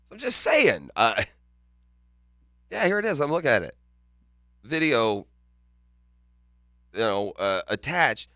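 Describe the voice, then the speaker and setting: A man's voice: mid-range voice, sing-song, takes it slowly, pauses often, sharp tone, no room sound, studio quality. A man co-hosting a morning sports radio show, chatting casually, teasing and laughing often. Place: radio studio. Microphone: studio microphone.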